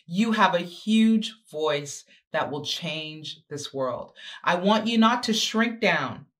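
A woman's voice: lowish voice, lively intonation, slow. A woman giving a motivational talk to teenage girls, with emphatic, repetitive exhortations and chatty, sassy asides. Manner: emphatic, repetitive exhortation with sudden swings in pace. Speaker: guest speaker.

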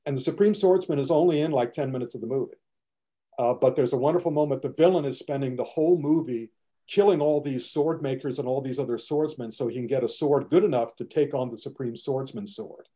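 Older man, mellow voice, casual animated storyteller, acts out scenes. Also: mid-range voice, fairly quick. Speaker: martial arts film critic. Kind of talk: casual chat.

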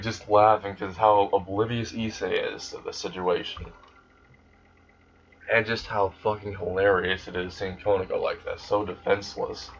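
A man's voice: low-pitched, a little hiss or hum. Young man rambling through a fan story. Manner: rambling, casual, swears freely. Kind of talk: casual retelling of a fan story. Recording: dull lo-fi recording.

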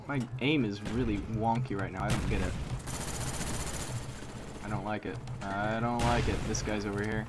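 Excitable man commentating a shooter game. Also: on the low side, moderate pace, pauses often. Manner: excitable, frequent exclamations and groans. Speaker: gameplay commentator. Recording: game gunfire noise behind voice. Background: video game gunfire and explosions.

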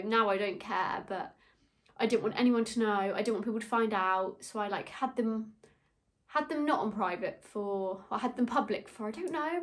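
A young woman chatting in a get-ready-with-me vlog, telling rambling, gossipy stories while a little tipsy. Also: on the high side. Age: young adult. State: slightly tipsy. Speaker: beauty vlogger.

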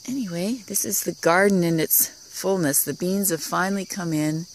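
A woman giving a casual tour of her vegetable garden, talking admiringly and softly, sometimes dropping to a whisper, recorded outdoors on a handheld camera. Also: fairly low pitch, moderate pace, a little hiss or hum. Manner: admiring, soft-spoken, often drops to a whisper.

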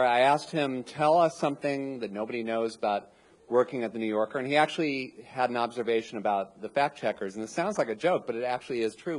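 A man hosting a live storytelling evening, introducing speakers with dry jokes. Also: mid-range voice. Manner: dry, joking. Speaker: host. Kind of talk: comic emcee introductions.

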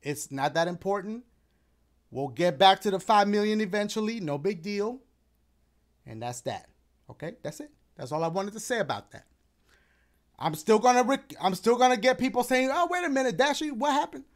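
Laid-back man with a lively, high voice. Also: moderate pace, pauses often. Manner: laid-back, rambling, playful slang. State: a little out of breath. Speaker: gaming YouTuber. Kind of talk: casual outro chat to viewers and his dog.

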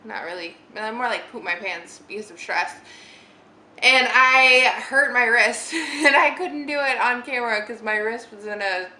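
This beauty vlogger is a young woman with a fairly high, sharp-toned voice, speaking at a moderate pace. She's casually chatting through a makeup tutorial in her living room, giggly and rambling, with plenty of "like." The room is roomy, with faint ambience.

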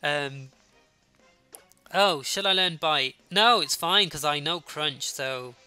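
Brummie Let's Play host, young adult, sniffly, chatty with viewers, bright sharp tone. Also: medium pitch, measured pace, smooth, soft background music. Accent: Birmingham. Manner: chatty, talking to viewers while playing. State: sniffly with a runny nose. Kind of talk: casual gameplay commentary.

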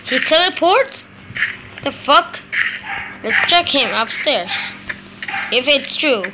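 A woman hosting a casual game roleplay video, talking in a halting way with many pauses and sudden excited exclamations. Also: high-pitched. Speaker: Minecraft roleplay video host. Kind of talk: casual gameplay roleplay commentary. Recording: noisy with clicking in background.

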